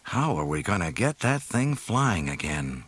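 A man's voice: sits low, big pitch swings, measured pace, fairly bright tone, husky, full character voice. A man voicing a weary, uneasy young male pilot stranded in a swamp, sounding glum.

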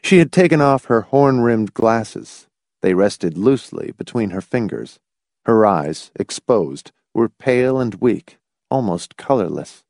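A man narrating an audiobook with a measured, expressive reading. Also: lowish voice, vocal fry, no room sound, clean studio sound.

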